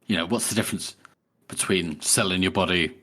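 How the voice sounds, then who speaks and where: Very deep-voiced man in casual chat. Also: a little fast, a bit bright. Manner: loose and laughing, frequent "you know" and "like". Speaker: podcast co-host. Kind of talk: casual book podcast chat.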